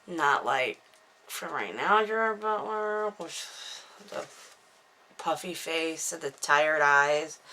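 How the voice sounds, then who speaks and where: At home indoors with a dog nearby, a woman in her thirties chats to her camera, recapping her own novel and drifting into self-mocking asides. Her low voice sounds bright and forward, and the loose, unscripted talk is picked up by the camera microphone with slight background noise.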